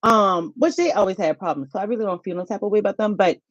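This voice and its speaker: A middle-aged woman, hosting a casual live-stream chat, animated and laughing often. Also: mid-range voice, quick pace, no room sound, muffled recording. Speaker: HR YouTube channel host. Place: home.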